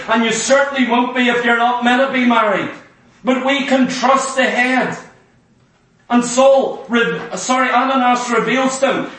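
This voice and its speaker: A man's voice: very high-pitched, fairly bright tone. A man preaching a fervent, exhorting sermon in a church hall. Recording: echoey hall from far off.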